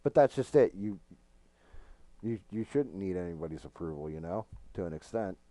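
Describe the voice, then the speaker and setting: A man's voice: low voice, lively intonation, normal speed, dark tone, dry recording. A middle-aged man streaming a game, talking frankly and rambling, with plenty of profanity. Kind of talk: casual gaming stream chat.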